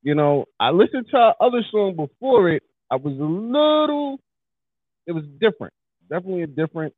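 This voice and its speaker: Podcast co-host, man, lively swooping voice, husky, phone-like sound. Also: high-pitched, fairly quick, no room sound. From New York. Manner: animated, hypes up his lines. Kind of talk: casual chat. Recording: husky voice over a tinny phone-like line.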